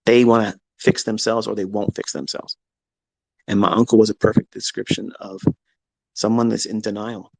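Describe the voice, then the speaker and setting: A man, a trading educator, telling a candid personal story in a blunt, profane, animated way. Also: fairly low pitch, vocal fry, no room sound, poor audio.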